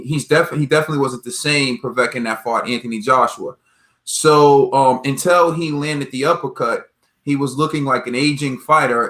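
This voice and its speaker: Bright-voiced man in an echoey room. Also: mid-range voice. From United States. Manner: relaxed, thoughtful, many fillers. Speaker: guest. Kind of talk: casual live-stream chat.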